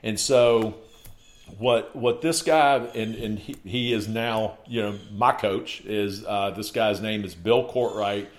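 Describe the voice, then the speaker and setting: Emphatic low-voiced man talking. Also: slow pace. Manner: emphatic, ticks off points in lists with "okay". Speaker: podcast guest. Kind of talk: casual conversation.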